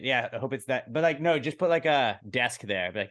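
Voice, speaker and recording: A male podcast co-host tosses in teasing, mocking quips during casual chat. His voice comes across bright. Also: mid-range voice, expressive, fairly quick. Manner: joking, mocking interjections.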